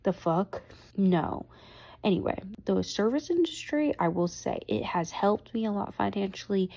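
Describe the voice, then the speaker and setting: A woman's voice: medium pitch, animated, normal speed, vocal fry, mellow. A young woman hosting a podcast, chatting casually and rambling between tangents, swearing freely and speaking frankly. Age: young adult. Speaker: podcast host. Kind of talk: casual chat.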